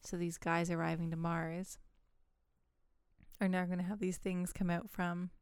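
Smooth-voiced woman in relaxed chat. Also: fairly low pitch, a little slow, dry recording, studio quality. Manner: relaxed, agreeable, adds ideas. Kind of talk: casual chat.

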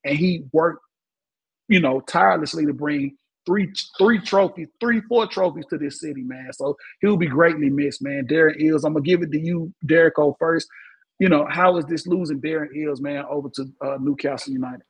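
A man's voice: fairly high pitch, moderate pace, husky, low-quality recording. A man hosting a casual sports talk show. He sounds laid-back, and ends many lines with "man.". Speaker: podcast host.

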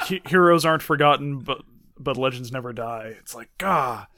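A man's voice: medium pitch, normal speed, a crowd in the background. A man co-hosting a casual podcast chat, mostly giving short agreeing replies and sometimes speaking up with emphasis. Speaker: podcast co-host. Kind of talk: casual chat about books.

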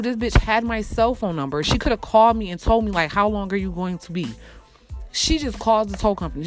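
A woman vents about a rotten week in a fast, exasperated rant, cursing freely and leaping up in pitch whenever the outrage peaks. Between outbursts she sinks into low, grumbling asides. Faint music plays underneath. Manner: heated, profane, exasperated, swings between shouting up and muttering low. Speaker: single mother telling a personal story. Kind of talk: angry storytime rant.

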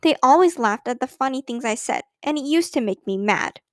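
A nosy, sensible older sister in a storybook, serious and matter-of-fact, as a woman reads her. The voice stays light and high. It is recorded close with a dry sound. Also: lively intonation, a little fast, no room sound.

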